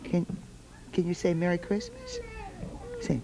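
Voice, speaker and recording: Woman TV host, studio, sing-song coaxing of children, very animated pitch, faint background noise. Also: normal speed, poor audio. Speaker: television host. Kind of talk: chatting with small children on a holiday broadcast.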